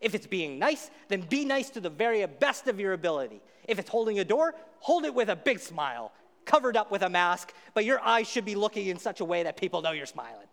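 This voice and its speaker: A man pastor preaching a sermon, casual and animated as he retells a story. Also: sits high, fairly quick, creaky. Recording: echoey hall reverb.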